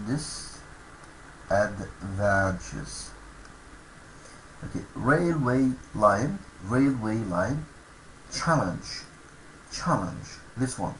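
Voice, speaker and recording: A man's voice: mid-range voice, a bit bright, slight background noise, poor audio. A man teaching English vocabulary to schoolchildren, saying each word twice and explaining it. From Egypt. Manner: slow, repeats each word aloud for learners.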